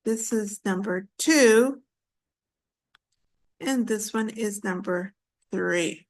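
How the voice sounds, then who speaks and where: Over a video call, a woman with a medium-pitched voice teaches an online English class. She patiently repeats words slowly and uses frequent fillers.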